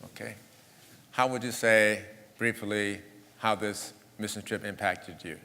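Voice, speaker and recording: A man's voice: fairly low pitch, fairly even intonation, a little slow. A man leading a church service, asking a speaker questions in an affirming way. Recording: loud crowd, noisy hall.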